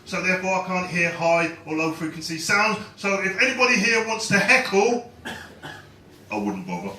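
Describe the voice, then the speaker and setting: A man's voice: high-pitched, fairly even intonation, a little fast, distant mic, background noise. A man doing a stand-up comedy set, chatting and bantering with the crowd. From London. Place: comedy club stage. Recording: roomy live club sound with crowd. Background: audience laughing and clapping.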